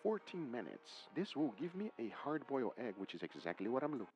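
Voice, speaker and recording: A man's voice: mid-range voice, very animated, fast, darkish tone, muffled recording, faint music behind. A man presenting a cooking video in upbeat, scripted, instructional narration.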